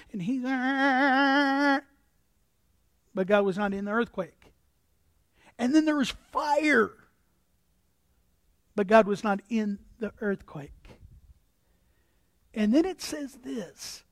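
A man preaching a sermon as pastor, animated, acting out voices and repeating words as he builds his points. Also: very high-pitched, no echo, clean studio sound.

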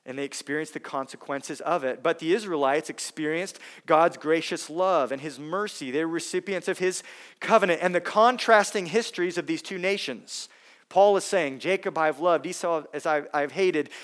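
A man preaching a sermon, emphatic, dropping his voice soft on key words. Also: fairly high pitch, moderate pace. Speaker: pastor.

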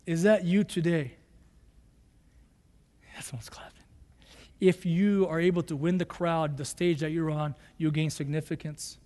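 Male pastor, high and light-voiced, earnest sermon delivery, long reverb of a big hall. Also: steady tone, moderate pace, hardly any pauses. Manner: earnest, rising to fervent emphasis and shouts.

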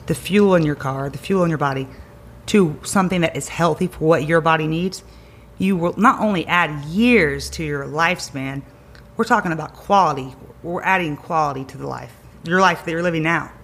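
A woman chiropractor talking with energy and emphasis, repeating her key words for stress. Her voice has a creaky, gravelly edge at a middle pitch. Faint noise sits under the recording. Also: normal speed, a bit bright. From Greenville County area, South Carolina. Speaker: chiropractor guest. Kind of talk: energetic advice-giving conversation.

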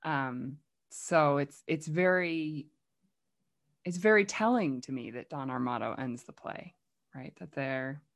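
A woman with a low voice discusses theater in relaxed conversation. She speaks thoughtfully and presses her point with gentle emphasis. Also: slow. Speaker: theater practitioner discussing a production. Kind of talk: casual conversation about a play.

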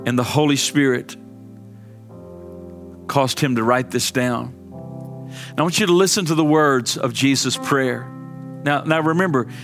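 A man preaching a sermon as pastor, earnest, dropping to quiet moments and rising to strong emphasis. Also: mid-range voice.

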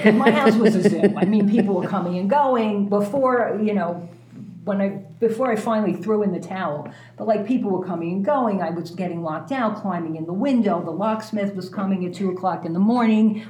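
A woman candidly telling a personal story as a guest, animated and self-mocking, swearing freely. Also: mid-range voice, brisk, reverberant.

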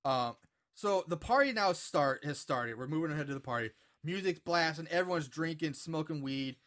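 A man's voice: fairly high pitch, expressive, moderate pace, a bit bright. A man co-hosting a podcast, recapping a movie in a rambling, profane, casual way. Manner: rambling, profane, filler-heavy. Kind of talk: casual chat.

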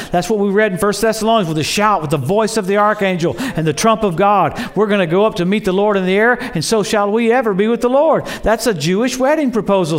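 A man preaching a sermon in an excitable storytelling way, acting out quoted voices and exclaiming. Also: high-pitched.

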